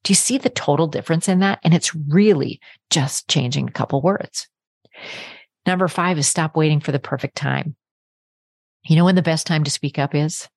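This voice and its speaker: Low-voiced woman coaching podcast host. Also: moderate pace, vocal fry, no echo, clean studio sound. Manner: direct, encouraging, addresses listener. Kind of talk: self-help podcast talk.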